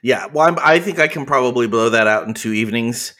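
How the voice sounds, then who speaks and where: A man's voice: medium pitch, fast talker, bright, forceful tone. A man co-hosting a podcast, chatting in an easygoing way and sometimes trailing off mid-thought. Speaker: podcast co-host. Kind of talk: casual chat.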